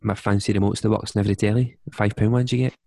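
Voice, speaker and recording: A man's voice: lowish voice, fairly even intonation, quick pace, creaky, warm tone, no room sound, studio quality. A Scottish man hosting a podcast, bantering over a video call with teasing remarks and frequent laughs. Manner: laughs often, teasing, restarts phrases. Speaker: podcast host.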